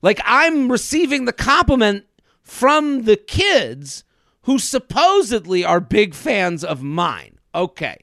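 A man in his thirties hosting a podcast, telling a comedic story in an animated way and acting out other people's lines. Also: high voice, slow pace, no echo, studio quality. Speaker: podcast host. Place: studio.

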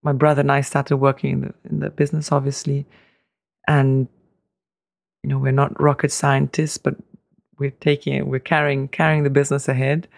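A man's voice: mid-range voice, completely flat delivery, moderate pace, creaky, dry recording, clean studio sound. A middle-aged man telling long family anecdotes with fillers and easy laughs in a casual interview. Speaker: guest, family business heir.

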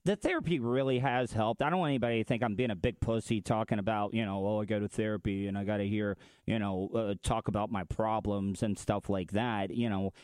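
Halting male radio guest, dry sound. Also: lowish voice, steady tone, a little mellow, dry recording. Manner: halting, full of restarts, speaks openly about personal matters. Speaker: guest and former show regular. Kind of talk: candid interview talk. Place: radio studio.

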